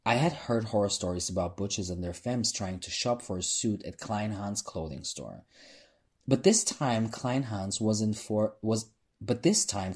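A man reading a novel aloud in an unhurried, quiet way. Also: fairly low pitch, husky. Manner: unhurried, quiet, restarts phrases. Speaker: narrator.

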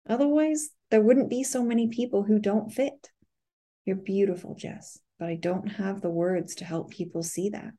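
A woman's voice: medium pitch, fairly even intonation, moderate pace, mellow, close to an everyday voice. A woman voicing a tender, soothing lover. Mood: reassuring. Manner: soothing, calls partner honey. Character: tender affectionate woman, gentle and comforting.

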